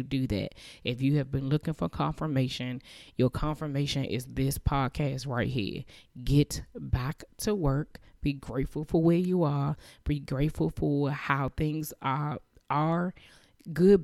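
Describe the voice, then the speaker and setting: A woman in her thirties hosting a podcast, talking earnestly and emotionally, with halting restarts and repeated phrases. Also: extremely low pitch, warm tone, no room sound, clean studio sound. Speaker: podcast host. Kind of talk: heartfelt faith-based podcast monologue.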